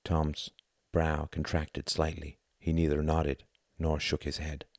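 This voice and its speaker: A man narrating a novel in a calm, measured audiobook style. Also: a bass voice, dry recording, clean studio sound.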